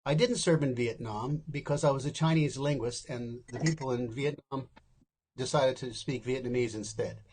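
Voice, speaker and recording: A man's voice: mid-range voice, normal speed, darkish tone, slight background noise. A man in his seventies, an interview guest, telling candid stories in a wry, casual way and acting out the people he quotes.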